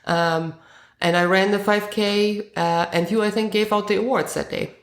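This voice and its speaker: A woman in her forties from Germany with a German accent, answering interview questions in a relaxed way with lots of ums. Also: medium pitch, moderate pace, reverberant. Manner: relaxed, frequent ums and uhs. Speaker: guest runner.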